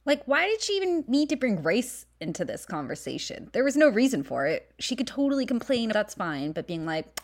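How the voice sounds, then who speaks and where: Lively Valley Girl podcast host woman. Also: fairly high pitch, fairly quick, few pauses. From San Fernando Valley, California. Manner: candid, profane, jokey. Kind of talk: casual chat.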